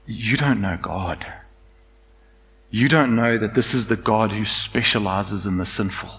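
A man preaching in a church, his voice carried by a long hall reverb. He swings between raised, urgent emphasis and hushed, tender moments, in a middle-pitched tone. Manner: passionate, rising to loud emphasis and dropping to soft intimacy. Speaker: pastor. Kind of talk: sermon.

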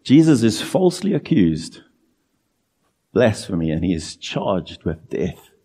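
A man preaching a sermon in an earnest, emphatic way, drawing out key phrases slowly. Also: fairly low pitch, very animated, mellow, slightly rough, long reverb tail.

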